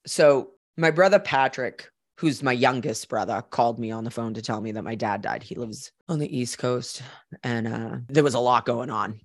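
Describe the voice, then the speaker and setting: A woman's voice: extremely low pitch, moderate pace, no room sound, clean studio sound. A woman hosting a personal storytelling podcast, candid and conversational with some casual swearing, turning reflective and earnest as she draws lessons. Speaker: podcast host.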